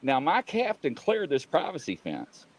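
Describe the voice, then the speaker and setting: A man, co-hosting a casual video-call show and telling a lively story while acting out the other people in it. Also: on the high side, normal speed, poor audio. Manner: animated storyteller, acts out voices of others. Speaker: podcast co-host, former police officer.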